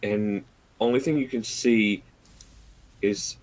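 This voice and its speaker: Over poor-quality audio, a dungeon master narrates a tabletop game in a lowish, darkish voice. He paints each scene slowly and deliberately, pausing as he goes.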